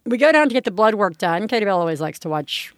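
A woman co-hosting a podcast, telling a story in casual chat, animated and quick to swear. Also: medium pitch, no echo. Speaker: podcast co-host.

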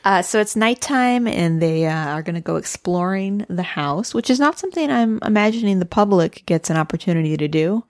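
A woman's voice: medium pitch, expressive, a little fast, few pauses, no echo, studio quality. A woman co-hosting a podcast, casually retelling reality-show plot and laughing easily. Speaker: podcast co-host. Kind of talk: casual recap narration.

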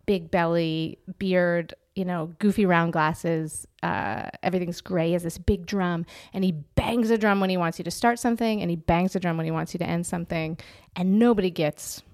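A woman comedian chatting as a podcast guest, telling animated stories and laughing often. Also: on the low side, moderate pace, no room sound, studio quality. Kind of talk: casual conversation.

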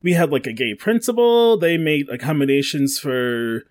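A man's voice: fairly high pitch, lively intonation, moderate pace. A man co-hosting a podcast in casual chat, telling rambling stories full of fillers and restarts. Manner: rambling, filler-heavy storytelling. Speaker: podcast co-host.

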